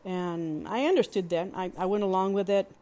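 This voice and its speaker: A woman hosting a podcast, telling a personal story in a candid, plainspoken way, with halting restarts and fillers. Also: medium pitch, dark tone. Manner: candid and plainspoken, with mild swearing. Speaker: podcast host.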